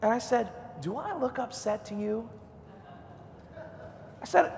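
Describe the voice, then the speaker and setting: A man preaching a sermon, telling a personal story with swings from a hush to a loud, high voice. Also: lively intonation, measured pace, gravelly, long pauses, big-room sound.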